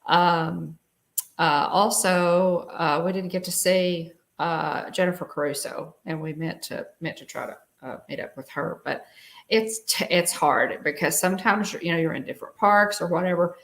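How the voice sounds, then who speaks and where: A woman's voice: lowish voice, steady tone, normal speed, gravelly, fairly bright tone. A middle-aged woman, co-hosting a casual live stream and rambling with many fillers and restarts. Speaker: show co-host.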